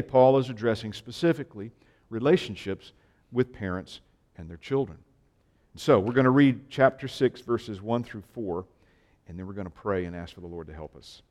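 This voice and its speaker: A man with a lowish voice preaches to a gathered congregation. He tells stories from family life in a relaxed, conversational way with gentle self-deprecating humor before moving into scripture. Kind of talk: sermon.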